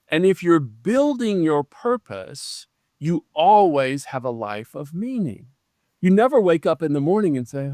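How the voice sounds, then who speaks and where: A man in his seventies, a leadership coach interviewed as a guest, talking earnestly and slowing down to stress key phrases. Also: fairly high pitch, no room sound, clean studio sound. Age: 70s. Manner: earnest and animated, slows down to stress key phrases, acts out quoted voices. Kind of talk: conversational interview.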